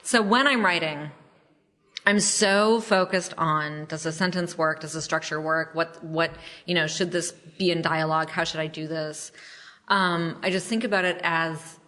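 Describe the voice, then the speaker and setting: A woman's voice: sits low, fairly even intonation, moderate pace, pushed and bright. A woman author being interviewed on a podcast, talking in a chatty, self-deprecating way with lots of fillers. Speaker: memoir author, podcast guest. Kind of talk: casual interview chat.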